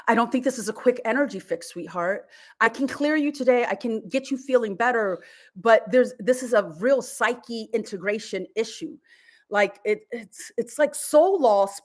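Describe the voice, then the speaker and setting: A woman doing live psychic energy readings, casual and soothing, calling her caller sweetheart and leading guided visualizations. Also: on the high side. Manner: swears casually. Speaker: psychic reader.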